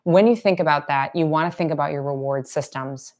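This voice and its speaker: Low-voiced woman dog trainer. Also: brisk. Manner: conversational, drops to soft near-whispers to demonstrate praise. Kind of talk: casual live Q&A teaching.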